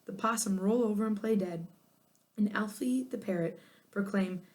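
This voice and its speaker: Expressive female narrator for a children's chapter book, lively delivery. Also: mid-range voice, moderate pace. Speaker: audiobook narrator. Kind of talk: children's storybook reading.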